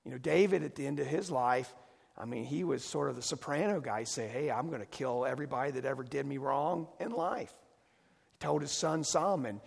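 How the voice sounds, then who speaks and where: Man preaching, gravelly, husky voice, long echo of a church hall, folksy, emphatic. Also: mid-range voice, moderate pace. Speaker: pastor. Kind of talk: sermon.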